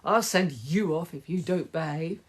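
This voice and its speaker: A woman's voice: medium pitch, lively intonation, unhurried, lightly acted. A woman reading a storybook aloud, voicing a stern, snappish schoolteacher refereeing a match, curt and clipped.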